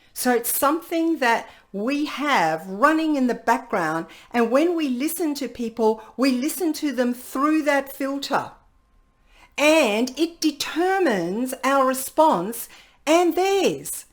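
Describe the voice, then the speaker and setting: A woman leading an online workshop over a video call, lively and playful, acting out what people think to themselves. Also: fairly high pitch. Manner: lively, playfully acts out people's inner dialogue. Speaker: workshop facilitator.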